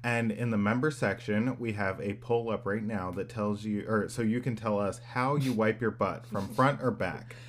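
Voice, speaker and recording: A man co-hosting a podcast, teasing with deadpan jokes in casual banter. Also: on the low side, moderate pace, hardly any pauses, a little hiss or hum. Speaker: podcast co-host.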